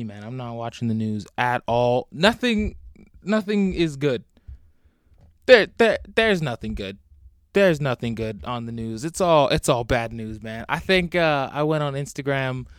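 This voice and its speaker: A man's voice: medium pitch, clean tone, no room sound, studio quality. A young man hosting a solo podcast from home, rambling and joking with lots of swearing. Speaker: podcast host. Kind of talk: casual solo podcast rant.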